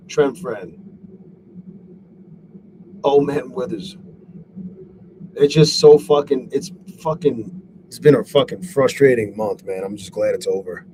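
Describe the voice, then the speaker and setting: A man on a live stream, swearing a lot and talking excitably while he reads out viewers' names and goes over his trades. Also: medium pitch. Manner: profane, excitable, shouts out chat viewers. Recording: steady background noise.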